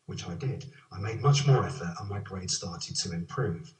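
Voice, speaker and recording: A middle-aged man at a lecture podium, his voice carrying through a reverberant hall and picked up from some distance away. He tells his life story with wry, self-mocking humour, at an even middle pitch. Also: moderate pace. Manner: self-deprecating anecdotes with gentle humour. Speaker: professor giving a lecture. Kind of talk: formal lecture to an audience. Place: lecture theatre.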